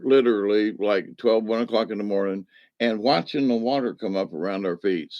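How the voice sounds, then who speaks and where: A man's voice: fairly low pitch, darkish tone, dry recording, lo-fi sound. A man telling a personal story in a casual, rambling way, folksy and meandering, with homespun slang.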